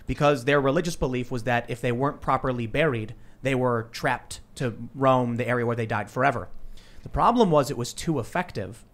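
Animated male podcast host telling stories. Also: medium pitch, brisk. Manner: animated storyteller, acts out quoted voices. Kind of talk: casual panel discussion. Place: studio.

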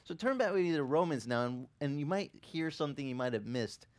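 Middle-aged male pastor, sermon, lively storyteller who acts out quotes, wide pitch swings. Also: brisk.

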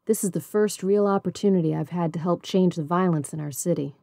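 A woman's voice: on the low side, a little fast, vocal fry, warm tone, dry recording, clean studio sound. A woman voicing a sincere male community volunteer in a storybook reading. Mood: earnest.

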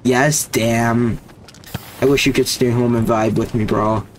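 A man's voice: medium pitch, steady tone, measured pace, slight background noise. A young man casually commentating his gameplay, hyped and constantly saying "bro.". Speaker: gaming streamer.

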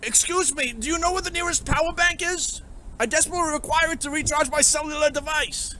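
A man putting on the voice of an earnest questing hero who speaks in stiff, old-fashioned phrases and shouts in a high pitch, recorded on a phone on a city street. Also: a little fast. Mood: earnest pleading. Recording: loud street noise outdoors.

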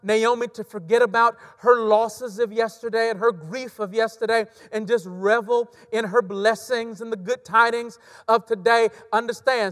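A man preaching a sermon as a pastor, emphatic and repeating key phrases, swinging between loud stresses and hushed drops. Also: very high-pitched, steady tone, moderate pace, few pauses. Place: church sanctuary. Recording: long church reverb.

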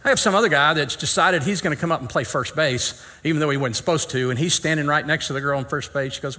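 Bright-voiced pastor telling a story. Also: male voice, a little high, fast talker, few pauses. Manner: folksy, acts out dialogue, self-deprecating humor. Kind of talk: sermon storytelling.

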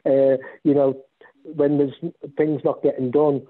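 A man's voice: mid-range voice, measured pace. A man casually telling stories about volunteering on a sailing ship, rambling with many restarts. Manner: rambling, animated when storytelling. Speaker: guest speaker. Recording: tinny phone-like line.

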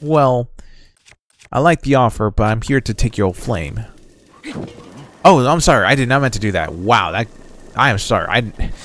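A young man giving casual, excitable gameplay commentary as a streamer, chatty and slangy, reading game text aloud. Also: mid-range voice, normal speed, pauses often. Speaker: gaming streamer.

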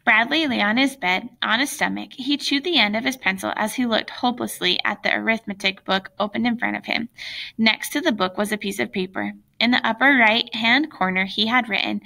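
Woman reading a kids' book aloud, bright voice, some vocal fry, fairly high. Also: moderate pace. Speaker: audiobook reader. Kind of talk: reading a children's novel aloud.

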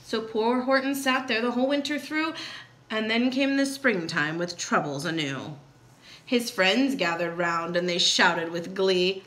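A woman teacher reading a children's picture book aloud in an expressive, animated way. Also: mid-range voice, unhurried. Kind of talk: read-aloud storytelling.

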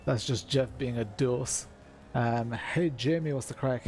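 Irish guy, streamer, mid-pitched, easygoing chatter with lots of fillers, talks to his chat while he drives. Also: measured pace, darkish tone, soft background music. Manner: chatty, greets viewers by name, many fillers. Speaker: sim racing streamer. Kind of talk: casual live-stream commentary while racing. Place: room at home.

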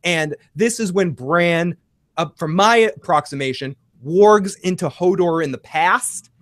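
A man hosting a casual recap show and taking calls, talking in an excitable, rambling way and swearing a lot. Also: high-pitched, a little slow, no room sound, studio quality. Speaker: podcast host taking calls.

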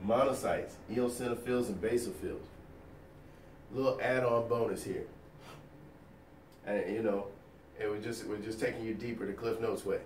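Man, nursing lecture, playful, rhetorical questions, lowish voice, echoey room, faint background hum. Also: moderate pace, pauses often, recorded from a distance. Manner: energetic, quizzing with rhetorical questions; folksy and playful. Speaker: nursing educator. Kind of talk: recorded lecture over slides.

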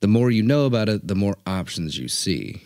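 A young adult man co-hosting a podcast, chatting casually and telling an animated story with plenty of swearing. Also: lowish voice, brisk, dry recording, studio quality. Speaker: podcast co-host. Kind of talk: casual chat.

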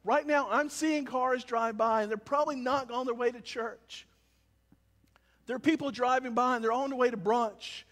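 A man preaches with a very high, ringing voice. He jumps from loud calls to hushed, low lines. The sound carries a long reverb. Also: moderate pace. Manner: animated, swings between shouting and quiet. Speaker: pastor. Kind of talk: sermon. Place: church service, with cars passing by.

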